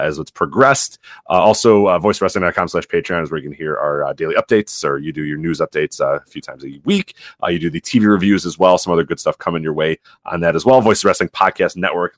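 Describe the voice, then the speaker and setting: A man co-hosting a casual podcast, animated and laughing often, losing his voice. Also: sits low, quick pace, no room sound, studio quality. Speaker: podcast co-host.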